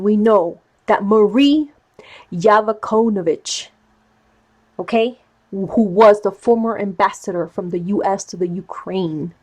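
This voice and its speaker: Excitable woman tarot reader. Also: medium pitch. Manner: excited, insistent, gets worked up; animated, repeats herself for emphasis. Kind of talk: casual vlog monologue.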